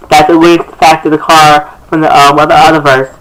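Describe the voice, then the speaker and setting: A man's voice: fairly high pitch, little pitch movement, brisk, fairly bright tone, rough recording. A young man talking casually to his camera, breaking down his own song lyrics in a sassy, chatty, rambling way. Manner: sassy and chatty, calls people girl, many restarts. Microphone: camera facing him.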